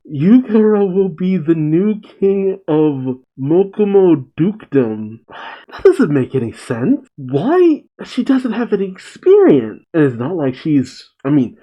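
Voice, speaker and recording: Animated man reading comics aloud. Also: medium pitch, normal speed. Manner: animated, reads dialogue aloud and reacts. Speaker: manga reaction host. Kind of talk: casual reading and commentary. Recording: dull lo-fi sound.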